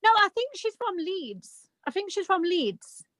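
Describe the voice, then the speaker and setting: A woman's voice: very high voice, sing-song, measured pace, fairly bright tone, no room sound. A woman in casual conversation, chatty and giggly, using British slang. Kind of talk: casual chat.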